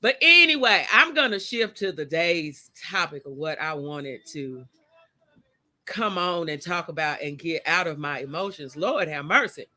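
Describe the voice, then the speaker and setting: A woman hosts a casual livestream chat from outdoors, chatty and openly emotional. She greets her viewers by name in a bright, forceful voice. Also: low voice, expressive, unhurried. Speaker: host of a live chat show. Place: outdoors by a motion-sensor light.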